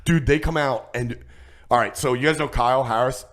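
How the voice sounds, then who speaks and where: Profane, animated man telling stories. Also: medium pitch, brisk. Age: 30s. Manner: profane, animated storyteller acting out quotes. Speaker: comedian guest. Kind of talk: casual podcast storytelling.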